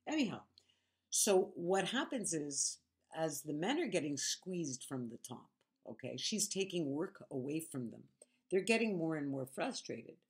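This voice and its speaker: A woman's voice: deep voice, sing-song, a little slow, slightly rough. A woman vlogger telling her story in a casual monologue, frank, sarcastic and emphatic.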